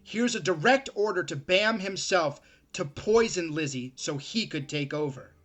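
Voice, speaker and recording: A man's voice: sits high, expressive, measured pace, fairly bright tone, heavily acted. A man voicing a stern, firm-spoken woman. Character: stern young woman, avenging her sister.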